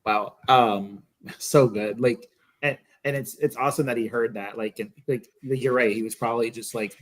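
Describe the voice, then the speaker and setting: A man hosting a sports podcast, relaxed and casual, with many fillers. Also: medium pitch, moderate pace. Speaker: podcast host. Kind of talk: casual chat.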